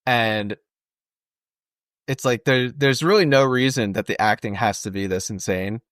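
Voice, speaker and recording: A young man co-hosting a podcast, chatting casually about a movie in a relaxed way, thinking aloud with "uh" and "dude.". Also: medium pitch, a little slow, no room sound, studio quality. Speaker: podcast co-host.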